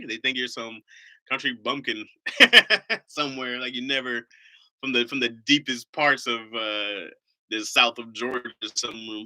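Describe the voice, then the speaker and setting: Joking, rambling man with a bright voice. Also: mid-range voice, fairly quick. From Ohio. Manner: rambling, joking, swears freely. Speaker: live streamer host. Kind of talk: casual live-stream chat.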